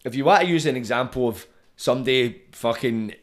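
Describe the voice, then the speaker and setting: A man's voice: mid-range voice, fairly quick. A Scottish man hosting a podcast, talking bluntly and conversationally with plenty of swearing. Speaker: podcast host. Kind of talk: casual podcast chat.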